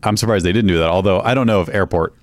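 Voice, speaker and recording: A man's voice: sits low, rapid-fire, no room sound. A man in casual conversation, wry and amused, who laughs easily. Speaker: podcast co-host. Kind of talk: casual chat.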